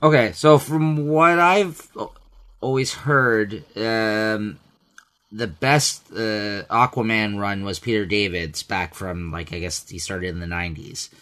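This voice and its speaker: A man's voice: lowish voice, slow, bright, forceful tone. A man co-hosting a podcast in casual chat, easygoing and agreeable, with frequent uhs and ums. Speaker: podcast co-host.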